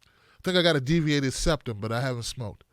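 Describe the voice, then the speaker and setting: A man's voice: mid-range voice, expressive, brisk, dry recording, clean studio sound. A man hosting a comedic political commentary, riffing animatedly with exaggerated jokes.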